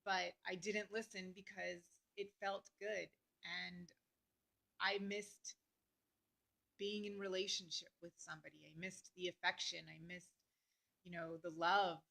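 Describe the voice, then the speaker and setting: Woman, unhurried delivery, clear bright tone, earnest reflective vlog talk. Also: on the low side, level tone, rough recording. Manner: earnest, heartfelt, talks through emotion with many fillers. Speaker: astrology vlogger. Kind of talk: personal reflective talk to camera.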